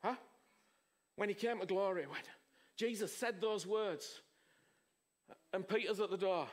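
High-voiced male preacher, swinging loud and soft. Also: unhurried. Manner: emphatic, rhetorical questions, swings from loud to hushed. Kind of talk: sermon.

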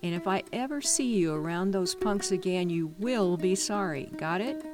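Picture a gruff, commanding grown man, stern but kind underneath, as a woman reader puts him on in a storybook. His voice sits on the low side against a soft bed of music. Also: lively intonation, normal speed, natural voice. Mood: scolding.

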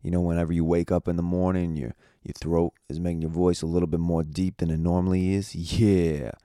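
A man's voice: low-pitched, little pitch movement, a little fast, mellow, no echo, studio quality. A young man hosting a podcast in a laid-back, slangy way, with a groggy morning voice. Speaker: podcast host. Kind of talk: casual podcast chat.

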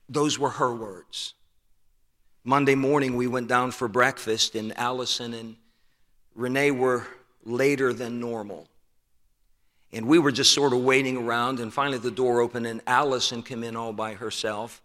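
An older man preaching a sermon and telling a personal story earnestly, growing soft and slow at tender moments. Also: medium pitch, steady tone. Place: church sanctuary. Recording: long hall reverb.

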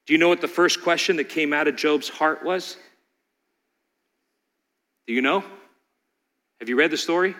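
A man's voice: on the high side, moderate pace, long pauses, fairly bright tone. A man preaching a dramatic sermon, asking the congregation rhetorical questions. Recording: long hall reverb.

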